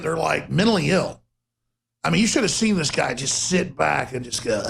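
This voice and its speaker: A man hosting a political talk radio show, delivering an emphatic, sarcastic monologue with bursts of rapid speech. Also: fairly high pitch, vocal fry, fairly bright tone, slight background noise.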